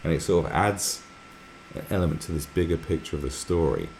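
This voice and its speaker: A man's voice: extremely low pitch, animated, brisk, creaky, a little mellow, slight background noise. A man hosting a live stream, talking in a rambling, sweary way and often slipping into mocking impressions. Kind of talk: casual rambling commentary.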